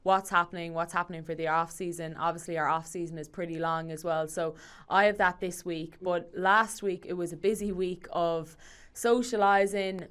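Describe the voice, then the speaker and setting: A woman's voice: lowish voice, fairly bright tone, smooth. A woman co-hosting a podcast, talking in an easygoing, upbeat way. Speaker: podcast co-host. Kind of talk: casual chat.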